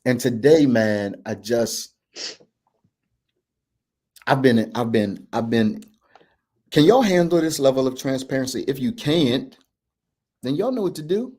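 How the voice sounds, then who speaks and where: A man's voice: mid-range voice, lively intonation, measured pace, long pauses, dark tone. A man, a men's coach hosting a candid talk, earnest and reflective, often restarting and checking in with "right?". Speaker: men's coach and podcast host.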